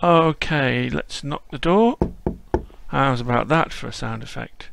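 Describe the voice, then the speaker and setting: A man's voice: medium pitch, measured pace, creaky, fairly bright tone. A man narrating a casual walkthrough as host, chatty and whimsical.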